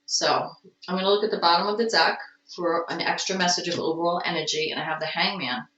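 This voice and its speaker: A woman's voice: lowish voice, fairly even intonation, fast, a bit bright, slight background noise. A woman giving a casual tarot reading at home, with stretches where she coos baby talk to her cat. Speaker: tarot reader. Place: home room. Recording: roomy, distant, dull home recording.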